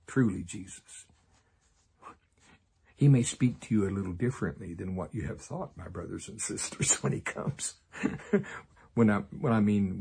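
A man's voice: lowish voice, creaky, dark tone, husky. A man preaching a sermon, laughing often and making sarcastic asides. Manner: sarcastic, laughing, acts out voices.

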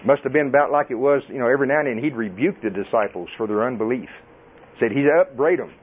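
A middle-aged man, preaching a folksy, animated sermon and laughing often. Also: mid-range voice, fast talker, husky. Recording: tinny phone-like audio.

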